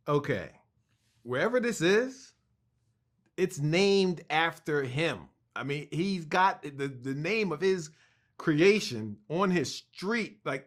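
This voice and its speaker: A middle-aged man, a cartoonist guest, telling a long personal story in an interview, animated and stumbling over restarts. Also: on the high side.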